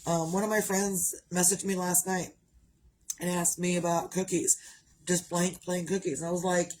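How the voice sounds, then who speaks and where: A woman's voice: lowish voice, flat delivery, moderate pace, darkish tone, a little hiss or hum, rough recording. A middle-aged woman talking through grief in a rambling, heartfelt personal vlog about her crochet projects. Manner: rambling, heartfelt, grieving mother. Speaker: vlogger, crocheter.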